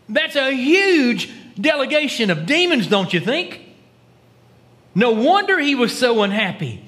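A man preaches in church in a bright, high voice that rises and falls freely. He talks to his congregation conversationally, asking them questions. He drops to a near whisper for dramatic quotes. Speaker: pastor. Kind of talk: sermon.

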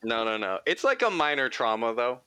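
A man's voice: medium pitch, big pitch swings, a little fast, bright, forceful tone, clean tone, dry recording. A young man hosting a podcast, telling a childhood story in a rambling, profane way full of "like" fillers. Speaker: podcast host. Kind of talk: casual storytelling chat.

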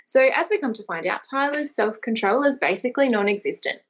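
A young adult woman co-hosting a podcast, relaxed and wry, reading quotes aloud in casual chat. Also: on the high side, brisk. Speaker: podcast co-host.

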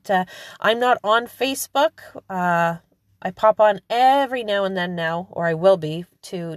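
A woman's voice: lowish voice, dry recording, studio quality. A middle-aged woman hosting a devotional podcast, speaking earnestly and emotionally, rising at times to fervent preaching. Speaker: podcast host.

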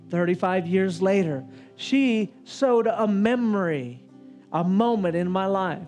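A man in his fifties telling a personal story in a sermon, in an animated, self-mocking way. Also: high-pitched. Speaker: preacher.

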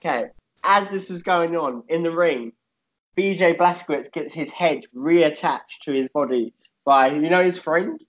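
A man's voice: on the high side, unhurried, dull audio. A man in casual chat, telling a rambling made-up fight story with lots of swearing and "yeah?" tags.

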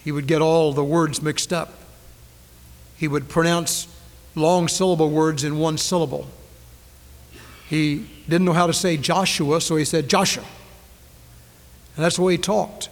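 Preaching in a sanctuary, this man has a fairly high voice, fairly even intonation, and a moderate pace broken by long pauses. His sermon shifts from ringing proclamations to near-whispers, hammering points through repeated phrases, and the 1990s tape holds a long hall reverb.

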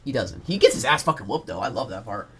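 A young man co-hosting a podcast, chatting casually and excitedly about a film, swearing a lot and acting out scenes. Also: medium pitch, quick pace. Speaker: podcast co-host. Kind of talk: casual movie chat.

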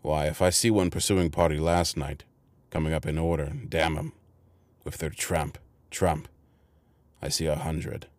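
A gruff, ravenous convict, suspicious of everything around him, as a man reads him. His rough country speech sits in a very deep register. The sound is dry and close. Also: little pitch movement, unhurried, darkish tone, no room sound.

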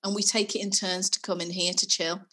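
Chatty bright-voiced woman. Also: fairly low pitch, level tone, fairly quick. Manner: chatty, laughing, self-mocking. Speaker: podcast co-host. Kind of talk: casual chat.

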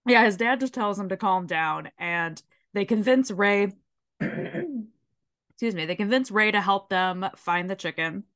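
Woman, scratchy sore throat, animated and sweary, mid pitch voice. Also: a little slow. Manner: animated, swears freely, briefly mimics characters while retelling. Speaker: podcast co-host. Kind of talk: casual chat recapping a show.

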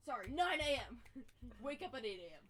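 High-voiced giggly woman game master. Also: big pitch swings, moderate pace, a crowd in the background. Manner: casual, giggly, chatty. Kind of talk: narrating a tabletop game. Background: faint music.

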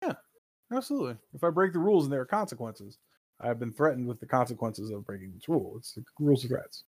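A man's voice: mid-range voice, sing-song, fast talker, darkish tone, no echo, studio quality. A man hosting a casual gaming podcast, rambling and joking and swearing freely. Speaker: podcast host.

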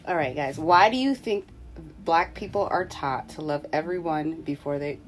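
A woman with a notably low voice hosts a relaxed conversation with family. She asks questions and nudges the others along in an encouraging way. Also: moderate pace. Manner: encouraging, prompting. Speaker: host. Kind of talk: casual interview questions.

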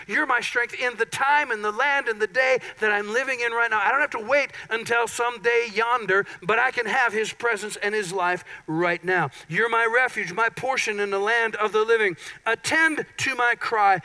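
A high-pitched male pastor delivers a sermon in a church. His voice is bright and ringing, and he keeps things playful with self-deprecating asides between passages of scripture. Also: rough recording. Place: church sanctuary.

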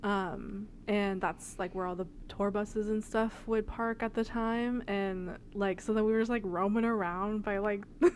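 A woman's voice: medium pitch, fairly even intonation, measured pace, slight background noise. A young woman co-hosting a podcast, chatting casually and rambling with lots of fillers and laughs. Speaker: podcast co-host. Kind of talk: casual chat.

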